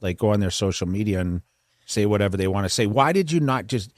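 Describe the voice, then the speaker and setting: A man's voice: fairly low pitch, lively intonation, fast talker, dry recording. A man co-hosting a podcast, asking loose, conversational questions. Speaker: podcast co-host. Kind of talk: casual interview questions.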